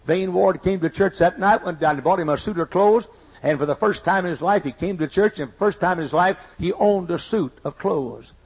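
A man's voice: high voice, a little fast, breathy edge, dull audio. An older man preaching a sermon, telling stories emphatically and repeating his key lines, with folksy asides. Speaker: pastor. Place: church sanctuary.

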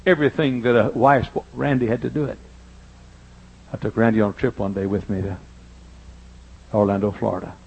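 An older man preaching a sermon in church, telling personal stories and swinging between loud emphasis and hushed asides. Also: fairly low pitch, steady tone, fairly quick, gravelly, long pauses, slightly rough, highs cut off. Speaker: pastor. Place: church sanctuary.

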